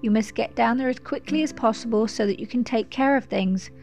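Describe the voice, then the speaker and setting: A woman's voice: on the high side, a little fast, darkish tone, faint music behind, close to an everyday voice. A woman voicing a curt, impatient old male lawyer who speaks in brusque, clipped phrases.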